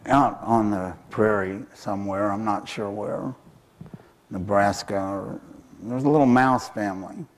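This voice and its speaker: Slow, unhurried male storyteller. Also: on the low side, steady tone, a little hiss or hum. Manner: hesitant, with many fillers. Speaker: author and speaker. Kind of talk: telling a folk tale in a talk.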